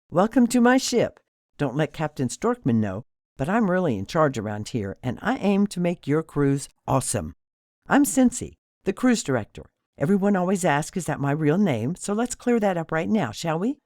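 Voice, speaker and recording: Casting: a man putting on a high-energy Midwestern woman who never stops talking, raised bright pitch, swooping lively delivery, dry close sound. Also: no room sound. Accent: Midwestern American. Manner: bubbly, nonstop, high-energy chatter. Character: gushing chatty woman cruise director. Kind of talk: audiobook character voice.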